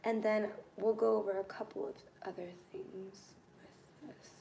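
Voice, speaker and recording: A woman teaching a live online English grammar class, patient and encouraging, pausing to think while she writes examples. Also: mid-range voice, little pitch movement, vocal fry, mellow, slight background noise.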